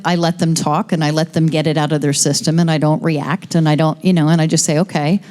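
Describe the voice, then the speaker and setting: A woman's voice: low-pitched, little pitch movement, fast, a little mellow. A woman asking questions in a question-and-answer conversation, hesitant and restarting her sentences. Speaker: participant.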